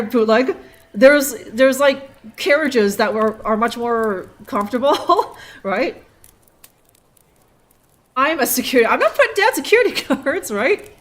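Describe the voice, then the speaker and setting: A woman streaming a detective game live, rambling and laughing as she sounds out German words with frequent curses. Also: a little high. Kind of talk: casual live gameplay commentary.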